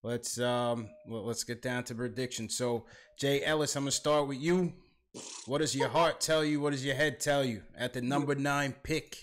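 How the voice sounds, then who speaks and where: A man's voice: medium pitch, level tone, normal speed. A man hosting a casual sports podcast, laughing often and tacking "man" onto his lines. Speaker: podcast host.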